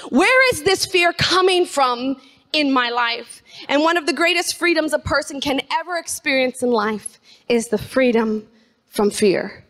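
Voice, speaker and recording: A woman preaching an energetic sermon, calling on the congregation to repeat phrases after her. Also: high-pitched, unhurried. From Canada. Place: church sanctuary.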